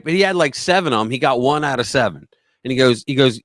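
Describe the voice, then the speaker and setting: A man hosting a conservative news livestream, giving opinionated commentary in an animated, mocking way and telling anecdotes. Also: medium pitch, fast talker, no echo, clean studio sound.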